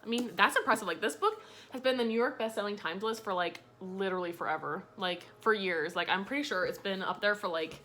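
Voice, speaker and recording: A young woman chatting casually to camera in a home room as a book vlogger, animated and swearing freely. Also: medium pitch, slight background noise.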